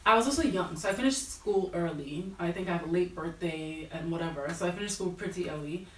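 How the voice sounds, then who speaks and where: Speaking fairly quickly in a fairly low voice, this thirtysomething American woman, a guest who works as a fashion buyer, recounts her career casually, peppering it with "like" and "you know." There's slight background noise, and the audio feels roomy and distant.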